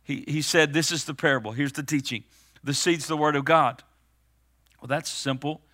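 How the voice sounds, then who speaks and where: Preaching a sermon, a man alternates reading scripture aloud with plain explanation, then rises to urgent, emphatic appeals. His voice is on the high side, bright and forceful, with fairly even intonation and a moderate pace.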